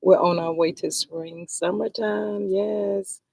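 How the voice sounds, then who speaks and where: A woman talks straight at the people she is criticizing, scolding and exasperated, and sighs to the Lord between points. Her voice sits at an ordinary middle pitch. The sound is dry and close, with no room echo. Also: fairly even intonation, slow, vocal fry, darkish tone. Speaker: vlogger commenting on a reality show. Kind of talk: heated livestream commentary.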